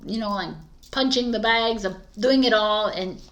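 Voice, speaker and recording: A woman's voice: medium pitch, moderate pace, a bit bright. A woman giving a casual tarot reading, chatty and emphatic, laughing often. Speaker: tarot reader.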